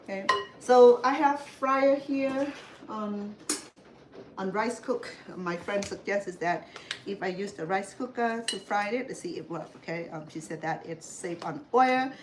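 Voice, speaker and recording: A woman's voice: medium pitch, unhurried, noisy background. A woman from Cambodia hosting a casual home cooking demonstration, talking in rambling asides with many fillers and restarts. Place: home kitchen. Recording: clear kitchen clatter behind the voice. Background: clatter of dishes, pots and pans.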